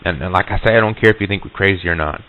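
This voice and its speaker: An actor playing a shaken vending machine serviceman who recalls a haunting in a halting, stammering way, full of restarts. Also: low voice, slight background noise, close to an everyday voice. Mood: uneasy. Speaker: vending machine route worker giving a recorded account. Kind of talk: hesitant spoken recollection on tape. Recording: tinny lo-fi old reel-to-reel tape.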